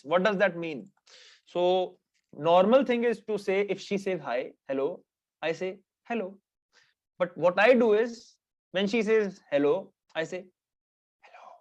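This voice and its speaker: A man with an Indian English accent teaching dating tips in a brisk, animated coaching lesson, mixing Hindi slang into his English. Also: high voice, muffled recording.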